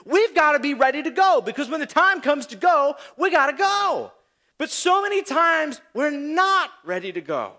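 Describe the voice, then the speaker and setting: A man preaches a sermon in a strikingly high, bright voice. His pitch leaps around as he tells everyday stories and teases with mocking asides. He sounds like a pastor speaking to his congregation. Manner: animated storytelling with mocking asides.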